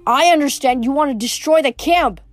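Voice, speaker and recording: A woman's voice: high voice, lively intonation, measured pace, soft background music, voice pushed up. A woman reading as a furious teenage girl. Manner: angry, shouting.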